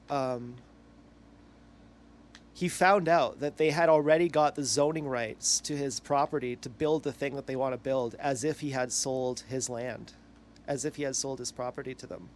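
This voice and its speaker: A man in a rambling, self-correcting monologue, crude and meandering. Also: a little high. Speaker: online commentator.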